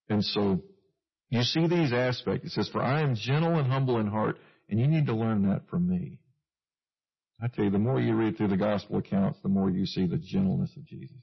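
A man's voice: fairly low pitch, fairly quick, gravelly, breathy edge, muffled recording. A man preaching a conversational sermon, chuckling at himself now and then. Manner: conversational, with self-deprecating asides and chuckles.

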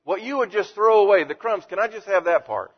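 A man's voice: high voice, lively intonation, brisk, slightly rough, long reverb tail, dull audio, pitched above the performer's own voice. A man voicing a humble poor beggar, meekly asking for scraps. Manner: meek pleading.

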